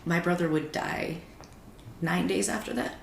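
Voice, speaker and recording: A woman's voice: lowish voice, a little slow, creaky. A woman guest on a podcast, telling a personal story in casual conversation and acting out the lines of the people in it. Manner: animated, acts out quoted dialogue. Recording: roomy echo with faint background noise.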